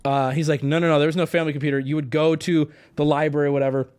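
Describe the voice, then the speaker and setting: A man's voice: on the high side, level tone, rapid-fire, darkish tone, clean tone. A young man telling a rambling story on a live stream, talking to chat and swearing freely.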